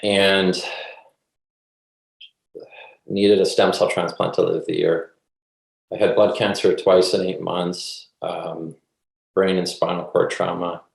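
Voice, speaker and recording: A man from Canada sharing his cancer story on a video call in a relaxed, conversational way. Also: deep voice, a little slow, vocal fry, echoey room, low-quality recording. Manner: relaxed, conversational, frequent ums. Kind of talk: casual personal testimony.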